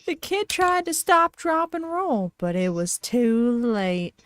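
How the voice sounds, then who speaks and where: A woman's voice: a little high, very animated, slow pace, dry recording. A woman streamer casually reading a horror story aloud, giggly, with frequent laughs and dry asides.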